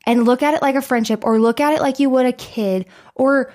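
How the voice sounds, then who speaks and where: A woman's voice: high voice, brisk, a little mellow. A woman co-hosting a podcast, talking frankly and candidly in casual chat, with free swearing. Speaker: podcast co-host.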